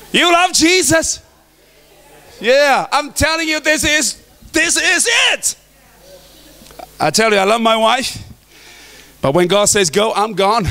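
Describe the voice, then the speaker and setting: High, bright-voiced pastor. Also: male voice. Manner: emphatic, joking, preaching to the men. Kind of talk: sermon.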